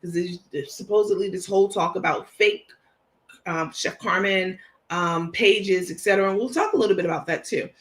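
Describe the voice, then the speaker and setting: A woman with a New York accent hosts a livestream, reading messages aloud and commenting emphatically and indignantly. Her voice is lowish, at a moderate pace.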